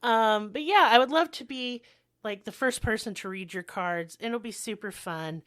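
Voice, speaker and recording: A woman's voice: on the high side, normal speed, a bit bright, no echo, studio quality. A woman co-hosting a podcast, chatting casually and joking through the show announcements, rambling with frequent restarts. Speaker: podcast co-host.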